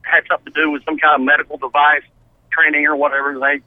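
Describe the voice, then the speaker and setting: A man's voice: fairly high pitch, level tone, fast talker, no echo. A man with a Southern American accent, calling in to a radio show and telling a rambling, friendly story. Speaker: caller. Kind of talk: casual phone-in story. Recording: tinny phone line.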